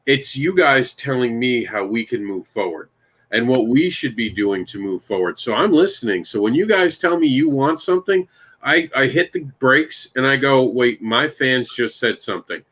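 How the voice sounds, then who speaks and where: A man at an ordinary middle pitch, talking in a loose, chatty way. He hosts the show and tells long stories with lively energy. He keeps turning to his co-hosts and asking them questions. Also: moderate pace. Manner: animated storyteller, talks to co-hosts by name. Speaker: podcast host and comic creator. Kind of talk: casual chat.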